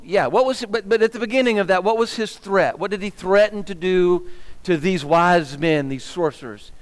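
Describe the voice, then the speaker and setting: A man teaching scripture to his congregation. He throws questions at the room and works himself up as he goes, and his fairly high voice rings out with the long echo of a church hall. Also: moderate pace. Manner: animated, asks the room questions, gets fired up. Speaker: minister teaching a Bible class. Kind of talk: interactive Bible teaching with questions to the class.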